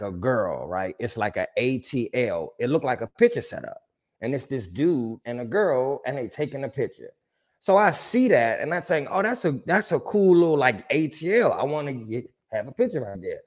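Brief: man, podcast co-host, lively storyteller, swings between loud bursts and low asides. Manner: animated storyteller, swears freely, acts out quotes. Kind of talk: casual chat.

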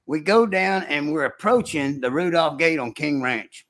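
An older man telling a hunting story in casual chat, with a folksy rural way of talking, animated when he acts out the shouting. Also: fairly high pitch, moderate pace. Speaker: storyteller recounting hunting trips.

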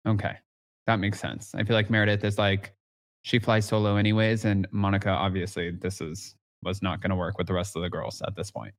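A man's voice: deep voice, little pitch movement, a little fast. Chatty man hosting a gossip recap. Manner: chatty, gossipy, heavy use of "like". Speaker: podcast host. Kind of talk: casual recap chat.

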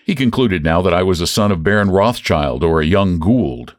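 Expressive male story reader, lively pitch. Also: moderate pace, no room sound, clean studio sound. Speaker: podcast host and story reader. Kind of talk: audiobook-style story narration.

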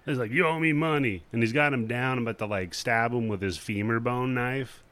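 A man's voice: medium pitch, moderate pace, a bit bright. A man in a casual chat, retelling film scenes with swearing and laughter. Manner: storytelling, swears, laughs at the jokes.

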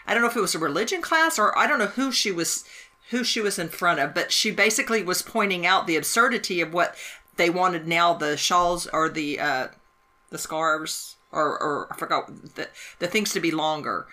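A woman who teaches, talking casually about a film in a halting, emphatic way with many restarts. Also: lowish voice, lively intonation, sharp tone. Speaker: teacher and podcast co-host.

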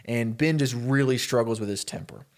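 In a casual podcast chat, a man spins a story for his co-host. He slips into the characters' lines in quick, animated bursts before returning to his plain, middle-pitched voice.

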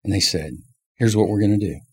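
A man's voice: fairly low pitch, fast talker, husky. A middle-aged man, a former racing team manager, telling stories in an interview and acting out the voices of people he quotes. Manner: acts out quotes with lively voice shifts. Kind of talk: animated storytelling interview.

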